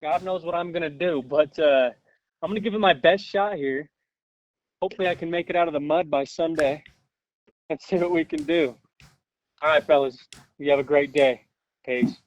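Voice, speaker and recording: A man's voice: on the high side, normal speed, pauses often, dry recording, dull audio. A man from Utah leaving a laid-back, chatty voice message for a podcast. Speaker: caller. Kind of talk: recorded voice message.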